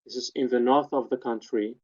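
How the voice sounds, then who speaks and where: A man gives a step-by-step technical lecture at a webinar, pointing out each detail in turn. His voice is dark and mellow at a middle pitch. The webinar audio sounds dull and lo-fi. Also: steady tone, a little fast. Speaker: webinar presenter. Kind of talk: technical lecture walking through spectrograms.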